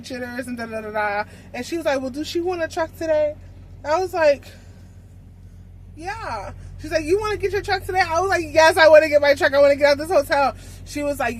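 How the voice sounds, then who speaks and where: Young woman trucker, casual vlog storyteller, salty and animated, faint noise behind. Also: on the high side, rough recording. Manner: animated, swearing, acts out conversations. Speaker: truck driver vlogger.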